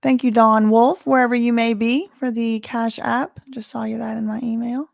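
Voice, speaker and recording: A woman's voice: a little high, little pitch movement, normal speed, creaky, dry recording, studio quality. A woman with a Southern American accent hosting a casual livestream, thinking aloud with lots of fillers. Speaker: livestream host.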